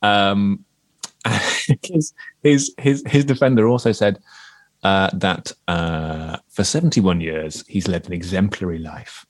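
A man's voice: low voice, takes it slowly. A man with a Welsh accent co-hosting a podcast, telling a story in a rambling, jokey way with many restarts. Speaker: podcast co-host. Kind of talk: casual chat.

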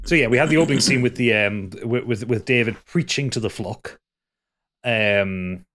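A man's voice: mid-range voice, moderate pace, a bit bright. A man co-hosting a casual podcast, rambling through a TV episode recap with frequent restarts and laughs. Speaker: podcast co-host.

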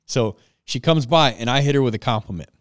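A man casually telling an animated, self-mocking story and laughing along the way. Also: medium pitch, fairly quick, dry recording, studio quality.

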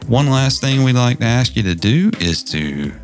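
Playful Southern man with a lively voice. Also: mid-range voice, moderate pace, faint music behind. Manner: playful, teasing. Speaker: podcast co-host. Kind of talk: casual podcast chat.

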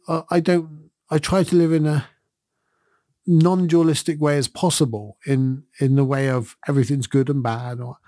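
A man's voice: mid-range voice, dark tone, dry recording, studio quality. A middle-aged man, a podcast host, giving a thoughtful and earnest reflective monologue in a conversational way.

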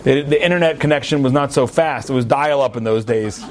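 Male rabbi, sermon storyteller: lively, playful asides, leaps up in pitch for emphasis. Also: fast talker. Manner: animated storyteller, jokey asides, sudden high emphatic swings. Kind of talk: sermon with a told parable.

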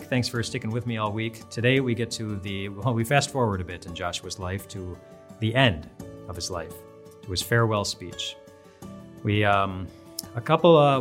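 Male devotional speaker, lowish voice, earnest and conversational, faint music underneath. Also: a bit bright. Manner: earnest, conversational, repeats phrases for emphasis. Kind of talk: devotional Bible teaching.

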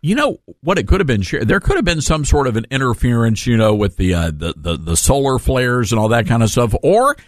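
On a casual talk radio program, a male host with a Southern accent chats and jokes with callers, folksy and quick to laugh. His medium-pitched voice swings widely, recorded in a radio studio on a studio mic with no room sound.

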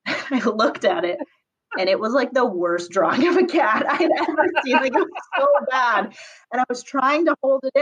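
A young public school teacher from Southern California answers interview questions casually, laughing often and using lots of fillers. Her voice is on the high side, a bit bright and breathy, fairly quick and lively, though the audio is poor.

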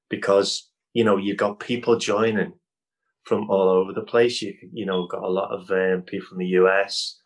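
A man's voice: low voice, low-quality recording. A man from Liverpool with a Scouse accent, chatting as an interview guest, rambling with lots of fillers and restarts and laughing easily. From Liverpool, England. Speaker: improv comedy guest. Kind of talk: casual interview chat over video call.

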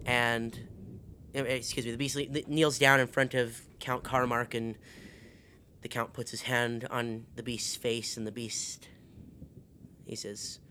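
A man narrating as game master of a tabletop game, halting, with many fillers and restarts. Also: mid-range voice, pushed and bright, a little hiss or hum.

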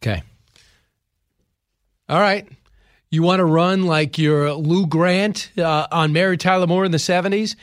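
A man's voice: on the high side, steady tone, measured pace, long pauses. A man hosting a show, delivering opinionated commentary with emphatic rhetorical questions.

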